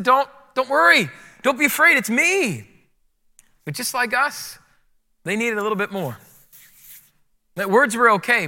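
Bright, high-voiced energetic preacher. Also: male voice. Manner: energetic, playful slang, emphatic. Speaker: pastor. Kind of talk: sermon. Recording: long hall reverb.

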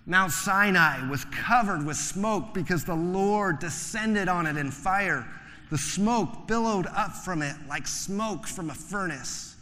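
A man preaching a sermon in a relaxed, joking, conversational way, acting out the voices in the stories he tells. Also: sits high. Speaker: pastor. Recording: long hall reverb.

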